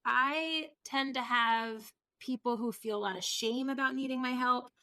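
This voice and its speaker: A woman's voice: a little high, fairly even intonation, a little slow, bright, forceful tone, no room sound, studio quality. A woman, talking as a podcast guest in a thoughtful, reflective way and laughing easily. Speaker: recruiting firm founder, podcast guest. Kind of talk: casual podcast conversation.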